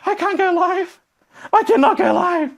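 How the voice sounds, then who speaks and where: A man playing a panicky beginner coach who whines and wails in a high voice during a live workshop. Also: expressive, unhurried, vocal fry, full character voice. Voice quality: high, whiny, wailing. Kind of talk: acted example in a live workshop.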